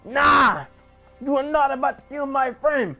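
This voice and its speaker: A man's voice: very high-pitched, expressive, a little slow, vocal fry, sharp tone, faint music behind, voice pushed up, exaggerated voice. A man voicing a protective young hero who speaks sternly.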